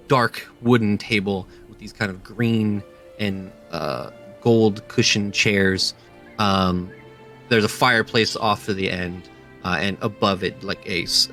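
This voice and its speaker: A man's voice: lowish voice, sharp tone. Man narrating as game master. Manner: halting, many fillers, slips into character voices.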